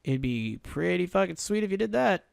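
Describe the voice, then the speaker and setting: A man's voice: sits high, very animated, normal speed, vocal fry, clear, resonant tone, no room sound, studio quality. A man playing a baseball video game on a live stream, muttering, thinking aloud and swearing freely as he checks player moves. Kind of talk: casual live-stream commentary.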